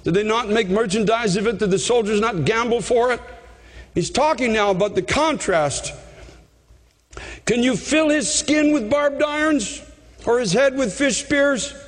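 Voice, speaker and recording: High-voiced fervent male preacher, echoing hall. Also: a little slow. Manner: fervent, repetitive preaching that rises to shouts. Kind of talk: sermon.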